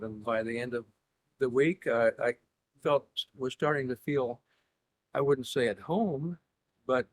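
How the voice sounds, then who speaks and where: Dry-humored man telling rambling stories. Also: medium pitch. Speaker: interview guest. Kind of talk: casual conversation.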